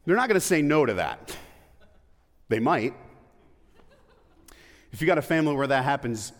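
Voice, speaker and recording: A man's voice: mid-range voice, sing-song, normal speed. A man preaching a sermon in a church, talking conversationally with rhetorical questions and playful asides. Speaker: pastor. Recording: long hall reverb.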